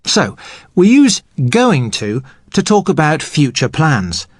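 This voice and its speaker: A man speaking as an English teacher, explaining grammar patiently and clearly for learners. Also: fairly high pitch, huge pitch swings, slow, dry recording, studio quality.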